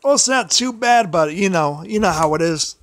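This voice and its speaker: A man hosting a casual solo wrestling livestream, his voice tired from a sore throat, talking haltingly with many restarts and repeated phrases. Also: high voice, animated, fairly bright tone.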